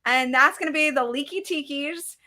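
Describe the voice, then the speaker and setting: Bright high-voiced woman co-host. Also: normal speed. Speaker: podcast co-host. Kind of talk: casual chat.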